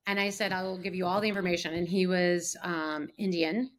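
A woman's voice: on the low side, steady tone, brisk. Chatty woman telling stories in a podcast. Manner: chatty storyteller, many fillers and acted quotes. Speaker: guest, actor and casting director. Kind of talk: casual podcast chat.

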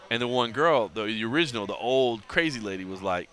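A man's voice: mid-range voice, animated, quick pace, pushed and bright, clear, resonant tone. A man hosting a podcast, telling a story in casual chat and acting out the dialogue with lots of energy. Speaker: podcast host.

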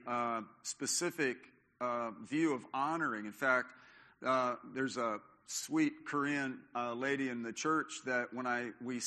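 A man's voice: mid-range voice, sharp tone. An older man preaching a sermon as pastor, talking in a conversational way with many fillers and restarts. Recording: long hall reverb.

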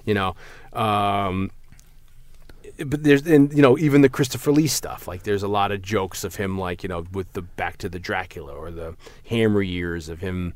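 A man's voice: normal speed, no echo. A man co-hosting a casual podcast chat about movies, rambling through stories and acting out quotes in a raised voice. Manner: rambling, animated, acts out quotes in a higher voice. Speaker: podcast co-host.

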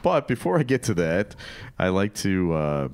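A man with a very deep voice that swings widely as he talks, co-hosting a podcast. He asks curious questions, and the recording sounds dry and close. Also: big pitch swings, normal speed, darkish tone, dry recording. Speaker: podcast co-host. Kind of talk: casual chat.

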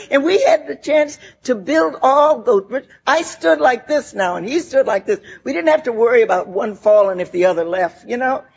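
A woman's voice: on the high side, gravelly, a little mellow, husky, lo-fi sound. An older woman giving a heartfelt, laughing personal share at a recovery meeting, full of "you know" asides.

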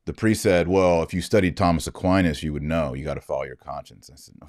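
A man's voice: rumbling low, fairly quick, a little mellow, no room sound, clean studio sound. A man retelling an argument in an emphatic, indignant monologue. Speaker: Catholic commentator. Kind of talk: storytelling monologue.

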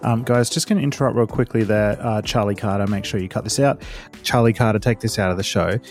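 A man's voice: fairly low pitch, fast talker, faint music behind. A man hosting a casual podcast call, laughing often between lines. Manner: laughs often, asks guests to repeat lines for the edit. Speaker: podcast host. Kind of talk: casual group chat over a call.

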